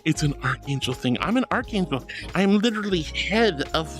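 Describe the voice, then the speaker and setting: A woman streaming as a VTuber, chatting casually and playfully with her viewers and teasing them in squeaky, cutesy tones. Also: expressive, normal speed, soft background music. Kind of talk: casual live-stream chat.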